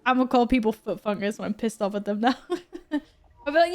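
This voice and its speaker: A young woman chatting casually on a game stream, joking and rambling with quick self-corrections. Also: fairly high pitch, very animated, darkish tone. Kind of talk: casual live-stream chat while gaming.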